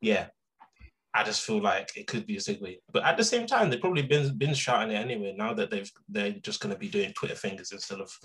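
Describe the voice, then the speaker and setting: A young man co-hosting a podcast, chatting casually and telling stories in animated slang. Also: lowish voice, fast. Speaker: podcast co-host. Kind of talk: casual chat.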